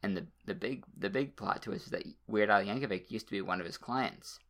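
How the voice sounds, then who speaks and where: Bright-voiced rambling male podcaster. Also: fairly low pitch, fairly quick. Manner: chatty, rambling, with frequent restarts and swearing. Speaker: podcast co-host. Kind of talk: casual movie recap chat.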